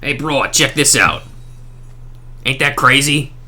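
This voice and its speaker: A man voicing a male game reindeer who swears and talks in gruff street slang. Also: medium pitch, expressive, slow, bright, forceful tone, full character voice. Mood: boastful.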